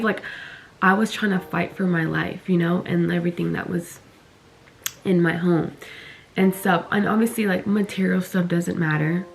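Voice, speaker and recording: A young woman telling her story in a casual vlog, talking fast, swearing and filling with "like" all the way through. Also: medium pitch. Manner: fast, heavy on "like", swears, animated retelling. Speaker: vlogger.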